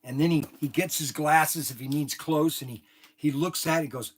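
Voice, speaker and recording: A middle-aged man who owns a hobby shop, telling an animated, rambling story to the camera with lots of restarts. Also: a little high, moderate pace, slightly rough. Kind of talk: casual talk to camera.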